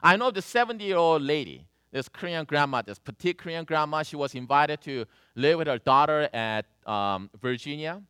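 A man preaching a sermon, telling a story with animated swings between loud and soft. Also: on the high side, normal speed, hardly any pauses, clear, resonant tone, no room sound, clean studio sound. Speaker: pastor.

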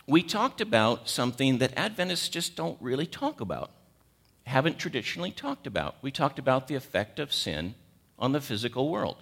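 A man's voice: medium pitch, a bit bright. A man in his sixties with a cold, preaching a sermon, emphatic and repeating key words as he questions the congregation. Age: 60s. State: has a cold.

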